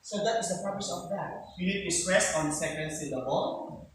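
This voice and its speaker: A man's voice: high-pitched, moderate pace, a little hiss or hum. Man teaching in an echoey classroom. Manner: explains patiently, often checks in with the class. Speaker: teacher giving a demonstration lesson. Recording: echoey room, mic far off.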